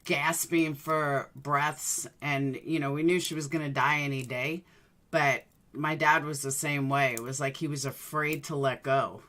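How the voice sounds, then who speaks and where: A woman's voice: low voice, steady tone, unhurried, a bit bright. A woman hosting a livestream, chatting casually with her viewers and telling rambling personal stories. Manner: rambling storyteller, addresses viewers by name. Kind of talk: casual chat.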